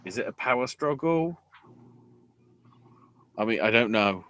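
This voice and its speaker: A man's voice: mid-range voice, lively intonation, measured pace, a bit bright. A man hosting a podcast, giving a rambling, sarcastic play-by-play recap with casual swearing. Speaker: podcast host.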